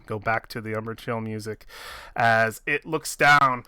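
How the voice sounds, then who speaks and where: A man narrating as game master with slow, descriptive storytelling. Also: lowish voice, fairly even intonation, pushed and bright, smooth, no room sound.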